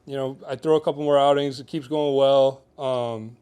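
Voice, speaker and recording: A man's voice: mid-range voice, steady tone, normal speed, warm tone, clear, resonant tone. A young man from Michigan's Upper Peninsula, a guest telling a story in a casual podcast interview. He talks animatedly, peppers his talk with "like," and acts out the people he quotes. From Upper Peninsula of Michigan, USA. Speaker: guest, baseball pitching prospect.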